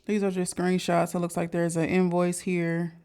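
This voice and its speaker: A woman's voice: fairly low pitch, monotone, moderate pace, warm tone, smooth. A woman hosting a reaction channel, giving brief, laid-back asides to her viewers. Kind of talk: casual reaction commentary.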